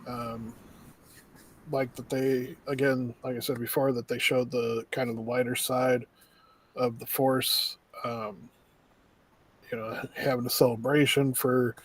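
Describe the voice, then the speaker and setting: A man's voice: mid-range voice, level tone, measured pace, breathy edge. A man giving his take on an anime episode as a co-host, hesitant, with many "um"s and "you know"s. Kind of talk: casual review chat.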